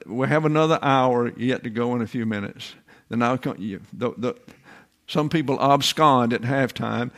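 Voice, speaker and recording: An older man giving a classroom-style Bible sermon, deliberate and emphatic, repeating his key phrases. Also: mid-range voice. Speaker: Bible teacher.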